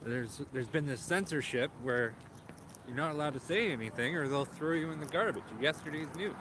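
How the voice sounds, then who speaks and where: A man co-hosting a walking livestream, recorded outdoors on a cold street. He argues his political points emphatically and with indignation. Traffic and street noise are clearly audible around him. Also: fairly high pitch, moderate pace. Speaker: co-host. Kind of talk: opinionated political commentary.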